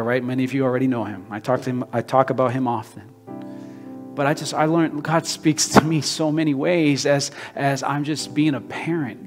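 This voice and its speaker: A young male pastor preaching an impassioned sermon, swinging between hushed lines and loud emphatic ones. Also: medium pitch. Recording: long hall reverb, faint guitar.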